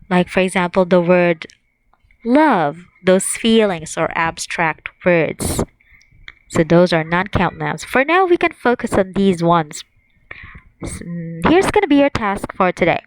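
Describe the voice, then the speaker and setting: A woman teaching an online language lesson, saying each word slowly and clearly and repeating it for her students. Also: mid-range voice, rough recording.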